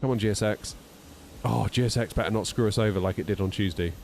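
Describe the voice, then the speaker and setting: The voice is lowish, gravelly and darkish, and he talks fast; there's a little hiss or hum. A thirtysomething man live-streams a flight simulator from his home setup, bantering with viewers and mocking himself between checklist items.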